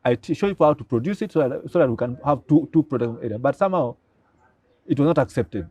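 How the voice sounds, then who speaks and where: An older man with a Ugandan accent, a pharmacy professor guest telling stories excitably and acting out the dialogue. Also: mid-range voice, fast, breathy edge. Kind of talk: animated storytelling.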